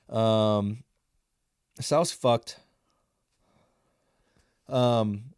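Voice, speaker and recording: In a clean studio with no room sound, a man in his twenties delivers a rambling, swearing, self-mocking monologue. The stand-up comic and podcaster has a medium-pitched, darkish voice.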